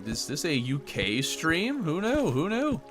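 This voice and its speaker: A man's voice: on the high side, wildly swooping pitch, unhurried. An American man streaming a video game and chatting casually, joking with viewers and reading their comments aloud. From United States. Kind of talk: casual gaming livestream chat. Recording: music playing underneath.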